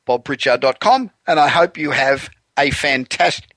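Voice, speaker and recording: A man's voice: medium pitch, animated, normal speed. A man hosting a business radio show, explaining sales techniques in an upbeat salesman tone. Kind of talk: business talk radio monologue.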